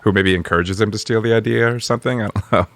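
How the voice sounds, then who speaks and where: A man's voice: lowish voice, fairly even intonation, fast, no room sound. A man co-hosting a podcast, tossing in easygoing ideas and chuckling often in casual banter. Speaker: podcast co-host. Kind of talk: casual comedic brainstorming chat.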